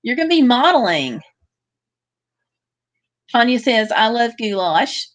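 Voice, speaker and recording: Woman host, slightly high voice, easygoing livestream chat, reads out comments and answers them. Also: sing-song, measured pace. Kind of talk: casual livestream chat reading viewer comments.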